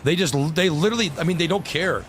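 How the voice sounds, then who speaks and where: Brief: young male streamer, a bit high-pitched, frustrated ranting, heavy swearing. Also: expressive, fast talker, fairly bright tone, slight background noise. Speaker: game streamer. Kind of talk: live gameplay stream chat.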